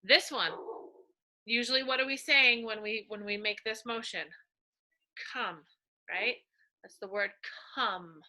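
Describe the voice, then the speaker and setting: Woman teacher for a children's reading lesson, very bright voice, unhurried, sing-song delivery. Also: a little high. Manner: slow, sing-song and animated, points to pictures.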